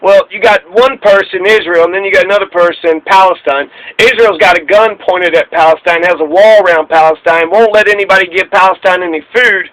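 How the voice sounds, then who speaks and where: Male commentator, high bright voice, sarcastic and rambling, radio-style audio. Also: a little fast, rough recording. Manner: sarcastic, rambling with many fillers. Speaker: political commentator. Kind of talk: casual political commentary.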